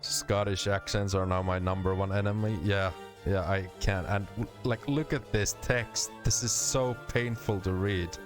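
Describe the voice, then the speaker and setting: A man's voice: fairly low pitch, steady tone, measured pace, over music. A man with a Finnish accent streaming a game, making exasperated, self-mocking asides while reading. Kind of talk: casual let's-play commentary.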